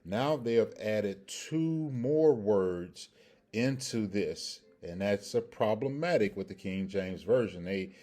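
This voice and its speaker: A Hebrew grammar teacher with a very low, dark, mellow voice leads a scripture language lesson. He is animated yet explains each point slowly and carefully, regularly checking in with his listeners by asking "okay?" and "all right?"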